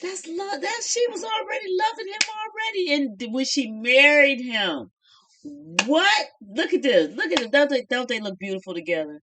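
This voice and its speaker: A woman's voice: high-pitched, animated, normal speed, noisy background. A middle-aged woman casually chatting through a reality show review in a folksy, opinionated way.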